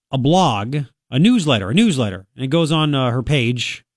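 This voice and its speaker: The voice is male and on the high side, recorded dry through a studio microphone. A sniffly, cold-stricken radio host, he chats sarcastically while reading the news and dropping in his own remarks.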